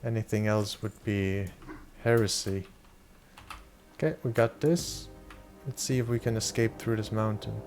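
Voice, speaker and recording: A man's voice: fairly low pitch, fairly even intonation, measured pace, darkish tone, faint music behind. A young German man chatting loosely with his viewers while playing a game, swearing casually and answering chat questions. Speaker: streamer. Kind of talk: casual live-stream chat.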